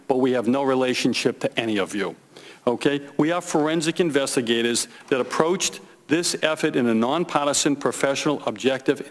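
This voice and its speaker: A man giving prepared testimony as a witness at a congressional hearing, deliberate and emphatic, repeating key phrases. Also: medium pitch. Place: large hearing room. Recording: reverberant hearing room.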